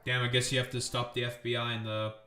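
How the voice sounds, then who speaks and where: A man's voice: mid-range voice, level tone, fast talker, bright, forceful tone. A man hosting his stream with a political commentary rant. He talks in a profane, angry and sarcastic way. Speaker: streamer host. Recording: echoey room.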